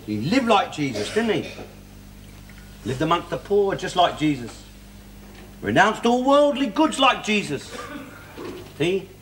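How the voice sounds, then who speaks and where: An actor playing a loud, bigoted, blustering middle-aged father, ranting and sneering in an old TV sitcom. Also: sits high, big pitch swings, measured pace, pauses often, exaggerated voice. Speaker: sitcom character. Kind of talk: 1960s TV sitcom acting. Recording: hissy old TV recording.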